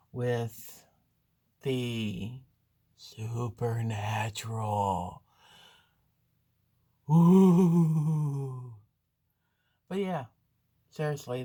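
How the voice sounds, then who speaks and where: A woman vlogger telling a story to camera in a chatty, rambling, animated way. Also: extremely low pitch.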